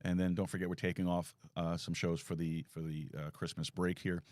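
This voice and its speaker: A man's voice: low voice, level tone, a little fast, a little mellow, dry recording. A man hosting a live talk show from a small studio, telling a rambling self-deprecating story with many restarts.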